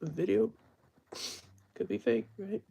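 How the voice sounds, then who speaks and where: Young male streamer, very gravelly and husky, earnest and rambling in an unscripted live-stream talk. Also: high-pitched, a little slow, warm tone, lo-fi sound. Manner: earnest, rambling, self-correcting.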